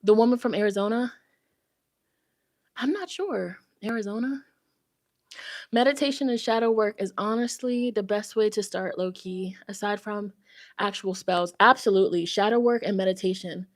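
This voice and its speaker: A woman's voice: medium pitch, normal speed, no room sound. A woman tarot reader chatting casually with her livestream viewers, out of breath, giggly and talkative, speaking close to her phone microphone at home. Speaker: tarot reader and spiritual host. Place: at home, walking around. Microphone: phone microphone held close.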